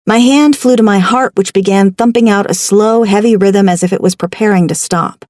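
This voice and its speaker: Woman, audiobook narrator, wry expressive storytelling, mid pitch, dry studio mic. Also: normal speed, no echo. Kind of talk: first-person audiobook narration. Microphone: studio microphone.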